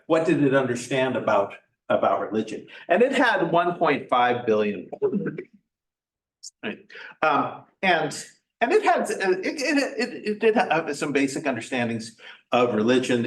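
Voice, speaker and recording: A man giving a workshop talk in an informal lecture style, halting often with fillers and restarts. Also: mid-range voice. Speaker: workshop presenter. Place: church meeting room. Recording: echoey room, mic at a distance.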